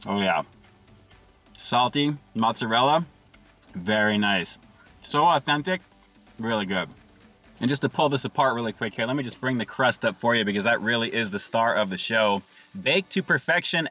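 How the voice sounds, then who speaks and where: A man's voice: mid-range voice, pushed and bright. A man doing an upbeat casual food review from inside a parked car, calling his viewers "guys" and chewing between lines.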